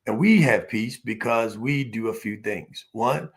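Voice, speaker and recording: A man delivers a motivational business speech with a gravelly, creaky edge to his mid-pitched voice. He builds points through repeated phrases and emphatic call-and-response with his audience. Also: unhurried. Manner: storytelling, repetitive listing cadence.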